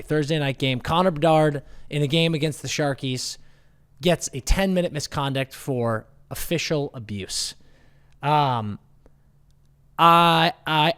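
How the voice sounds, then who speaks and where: A man's voice: on the high side, a bit bright, clean tone. A man co-hosting a hockey podcast, telling a story in a profane, ranting, casual way. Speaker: podcast co-host. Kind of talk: casual chat.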